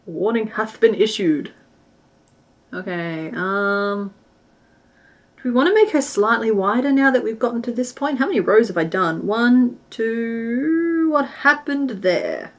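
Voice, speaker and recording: Chatty, giggly woman crochet streamer. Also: on the high side. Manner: chatty and giggly, answering chat and counting stitches aloud. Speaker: crochet livestream host. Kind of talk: casual livestream chat while crocheting.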